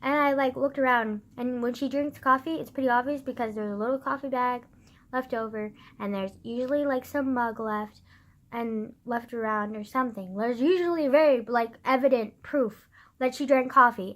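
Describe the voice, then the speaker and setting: A woman's voice: on the high side, a little fast. A teenage girl telling a story to the camera as a casual rant, with lots of fillers and swearing. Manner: swears a lot, many fillers, venting. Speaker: vlogger.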